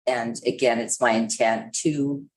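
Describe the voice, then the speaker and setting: Very low-voiced woman councillor, slightly hoarse. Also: steady tone, a little slow, poor audio. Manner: methodical, reads clause by clause. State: losing her voice. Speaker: city councillor. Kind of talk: council debate, reading out policy. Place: council chamber.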